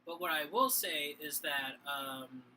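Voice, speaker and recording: A man's voice: fairly high pitch, slow pace, sharp tone, slight background noise, low-quality recording. A tipsy man with a Boston accent co-hosting a casual sports talk show, rambling with many fillers and restarts. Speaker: podcast co-host.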